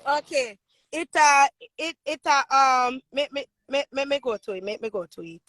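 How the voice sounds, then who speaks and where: A woman's voice: high voice, animated, moderate pace, a bit bright, no echo. A Jamaican woman, a fan calling into a live stream on her phone, gushing and pleading and repeating herself.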